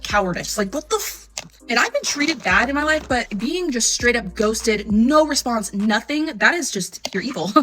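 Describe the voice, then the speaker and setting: A woman in her twenties telling a casual storytime, chatty and animated, acting out her own texts. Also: a little high. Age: 20s. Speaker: storytime vlogger.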